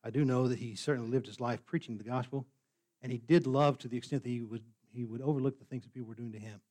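Fast-talking man preaching a sermon. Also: mid-range voice, steady tone, darkish tone. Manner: earnest, repeats words when stressed. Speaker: pastor. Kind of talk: sermon with a read-aloud story.

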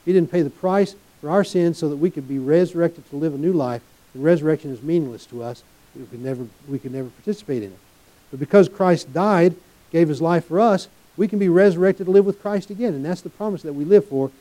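Man, preacher, sermon, quick delivery, very mellow dark timbre, earnest, folksy asides. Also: on the high side, low-quality recording.

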